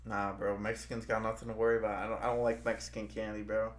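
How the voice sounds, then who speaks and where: A man's voice: on the low side, flat delivery, quick pace, roomy sound. A young man, the stream host, chatting casually, rambling with many restarts and lots of "bro". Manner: rambling, restarts a lot, says "bro" often. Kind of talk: casual chat.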